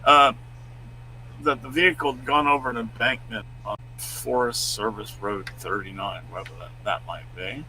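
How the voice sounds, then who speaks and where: A man co-hosting a live stream, chatting casually and reading out news stories in a loud, booming voice. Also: moderate pace, a little hiss or hum, rough recording. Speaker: co-host.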